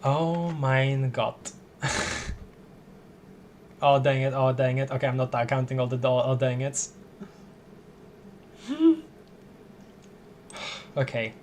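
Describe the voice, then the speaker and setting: A man's voice: mid-range voice, animated, slow, long pauses, a little mellow, slight background noise. A man streaming a playthrough of a game, who laughs often and reads the game text aloud with stumbles. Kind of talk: casual game playthrough commentary.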